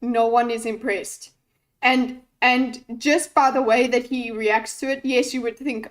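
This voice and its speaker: A woman's voice: on the high side, fairly even intonation, measured pace, rough recording. A woman streamer giving live reaction commentary on a debate, giddy and laughing through her words, swearing casually.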